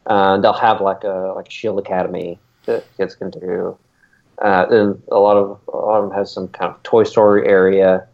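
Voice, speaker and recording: A man's voice: deep voice, flat delivery, normal speed, creaky. A man co-hosting a podcast in casual chat, rambling with plenty of ums and uhs. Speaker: podcast co-host. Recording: dull lo-fi recording.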